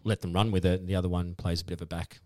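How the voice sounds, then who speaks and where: Low-voiced Australian man, halting and modest. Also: flat delivery, dry recording, clean studio sound. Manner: modest, halting with frequent restarts. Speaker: podcast guest. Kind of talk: casual interview chat.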